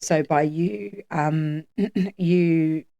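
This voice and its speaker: A woman's voice: low voice, fairly even intonation, very slow, creaky, dark tone, no room sound. A woman co-hosting a podcast, chatting casually with lots of fillers and easy laughter. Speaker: podcast co-host. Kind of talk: casual chat.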